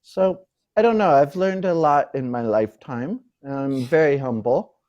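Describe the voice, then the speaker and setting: An older man born in the UK, a guest on an interview show, speaking in a joking, halting way. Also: a little high, expressive, darkish tone, muffled recording.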